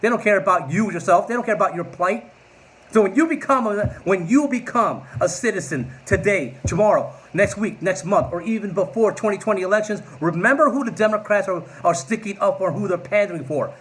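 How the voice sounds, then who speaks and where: Sarcastic, high-voiced man ranting. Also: animated, a little fast, fairly bright tone, slight background noise. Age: 40s. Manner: sarcastic, combative, mocking. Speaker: political vlogger. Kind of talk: political rant to camera.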